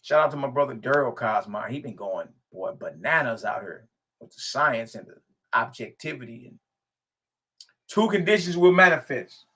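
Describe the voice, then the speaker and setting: A man's voice: medium pitch, expressive, moderate pace, bright, forceful tone. Emphatic man preaching from a text. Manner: emphatic, repeats phrases, slangy asides. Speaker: spiritual teacher. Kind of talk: reading and preaching commentary.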